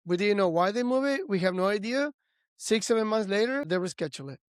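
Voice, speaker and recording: A man's voice: sits high, animated, quick pace, clear, resonant tone, dry recording, studio quality. A man hosting a podcast interview, giving earnest, frustrated commentary with small slips and restarts. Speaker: podcast host.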